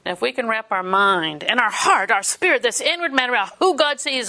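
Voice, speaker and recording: An older woman delivers a sermon in a bright, forward voice. She mixes homely family stories with scripture and laughs easily as she talks. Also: a little high, expressive, brisk, few pauses. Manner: folksy storytelling, laughs often. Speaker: preacher.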